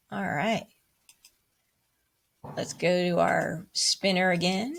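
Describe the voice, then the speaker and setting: A woman's voice: slow, creaky, long pauses. A woman music teacher leading a playful online rhythm lesson for children, cheering often and chanting rhythm syllables and counts. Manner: bubbly and playful, with high whoops and cheers.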